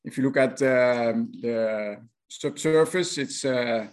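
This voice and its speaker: Middle-aged Dutch-accented man, company director guest, halting and hesitant explanations. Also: medium pitch, smooth. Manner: halting, many uh fillers, technical explaining. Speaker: guest, managing director of a remediation firm. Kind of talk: interview answers.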